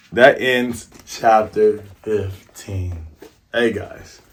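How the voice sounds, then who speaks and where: A man hosting a casual comic chapter review, retelling the scenes in an animated way and throwing in playful sound effects. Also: medium pitch, unhurried, slightly rough. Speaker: manga review host. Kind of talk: casual chapter recap and commentary.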